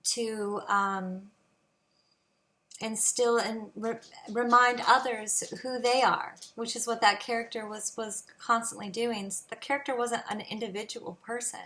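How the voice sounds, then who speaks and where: A woman hosting her own channel, talking in a slow, reflective monologue with many pauses and fillers. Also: fairly high pitch, steady tone, bright, forceful tone. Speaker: channel host. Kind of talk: casual spiritual monologue.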